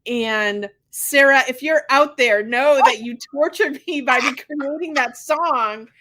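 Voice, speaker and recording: Chatty woman host with a fairly high voice. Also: slow, bright, forceful tone. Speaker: podcast host, physical therapist. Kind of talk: casual conversation.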